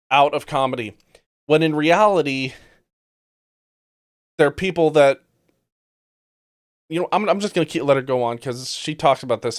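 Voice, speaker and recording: A man's voice: fairly high pitch, no room sound. Blunt, sarcastic man host, dry close sound. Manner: blunt, sarcastic, swears freely. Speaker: podcast host. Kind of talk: casual commentary on news clips.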